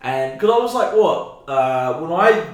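A man's voice: on the high side, unhurried. A man in his twenties, a comedian guest on a podcast, telling stories in a casual, swearing chat. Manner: swearing, relaxed storytelling. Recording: roomy echo.

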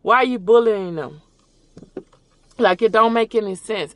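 Sitting in his car at a drive-thru, a middle-aged man hosting a show tells a rambling, casual story while he orders, acting out dialogue he remembers. His voice is high-pitched and his pace measured, with no echo.

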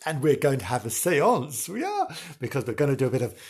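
A man playing a fussy, dithering woman field reporter in a comic sketch, with a husky voice. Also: medium pitch, sing-song, a little fast, voice pushed down. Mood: chatty. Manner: fussy, dithering, shrieking with alarm. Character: flustered, excitable middle-aged woman field reporter. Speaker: on-location reporter.

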